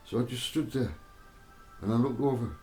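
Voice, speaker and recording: A man telling a personal spiritual testimony, halting and repeating himself as he goes. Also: mid-range voice, lively intonation, a little mellow. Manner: halting, repeats words and restarts often. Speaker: storyteller giving a spiritual testimony. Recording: roomy echo with faint music behind.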